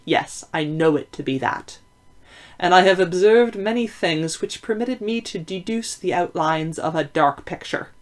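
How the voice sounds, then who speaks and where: A woman's voice: lowish voice, natural voice. A woman voicing a formal Victorian detective. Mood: probing. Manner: measured, formal, deliberate. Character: shrewd Victorian male detective, calm, probing. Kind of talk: audiobook reading.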